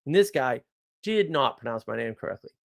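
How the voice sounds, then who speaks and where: A man's voice: mid-range voice, brisk, gravelly. Sarcastic rambling American man. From United States. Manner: sarcastic, animated storytelling with mock outrage. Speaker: podcast host. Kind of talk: rambling casual monologue.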